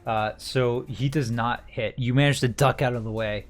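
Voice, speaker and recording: A man's voice: medium pitch, fairly even intonation, moderate pace, soft background music. Laid-back man running a tabletop game. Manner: casual, laughs often, swears offhandedly. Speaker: game master.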